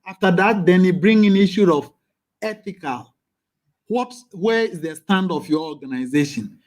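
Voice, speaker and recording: A man's voice: high-pitched, lively intonation, moderate pace, a little mellow. A man advising students in an emphatic way, repeating phrases and stammering on fillers. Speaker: presenter. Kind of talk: advisory talk.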